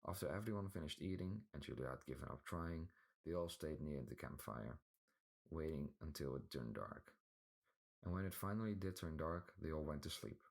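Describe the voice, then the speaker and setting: A man reading a fantasy audiobook aloud with a remarkably deep, low voice. His reading is plain and even, scene by scene. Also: moderate pace, creaky. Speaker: audiobook narrator. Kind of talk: scripted storybook narration.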